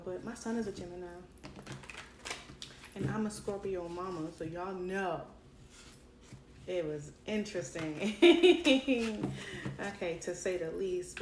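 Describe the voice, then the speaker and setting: A woman's voice: medium pitch, reverberant, far from the mic, background noise. A woman with a Brooklyn accent, giving a chatty tarot reading into her cell phone with many fillers and laughs. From Brooklyn, New York. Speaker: tarot reader.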